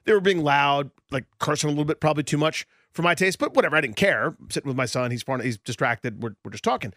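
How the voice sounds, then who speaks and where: A man co-hosting a radio talk show, telling a story in an animated way. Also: a little high, fast talker, no room sound, studio quality. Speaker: radio co-host. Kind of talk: sports radio chat, storytelling.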